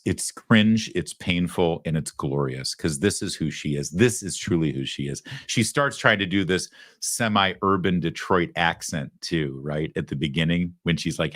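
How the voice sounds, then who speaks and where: A man's voice: low voice, fairly bright tone, dry recording, clean studio sound. A male talk show host from Michigan, giving sarcastic, mocking political commentary over clips.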